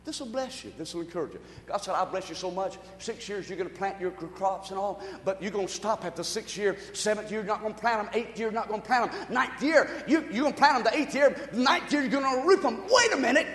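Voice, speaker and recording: High-voiced shouting pastor. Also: male voice, fast talker, few pauses, roomy sound, in a large hall. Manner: preachy, shouting, excitable with sudden loud bursts. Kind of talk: sermon. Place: church.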